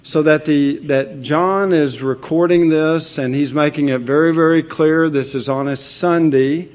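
A pastor delivering a sermon at an unhurried, deliberate pace. He speaks in an earnest, measured way and sits a little higher in pitch than most men. He pauses now and then on a filler while he explains. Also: steady tone.

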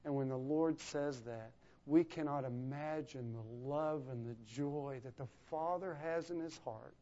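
A man preaching a sermon, his voice swelling louder for emphasis and then dropping to a near hush. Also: fairly high pitch, a little slow. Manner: rising and falling in volume for emphasis, dropping to a hush. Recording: dull lo-fi recording.

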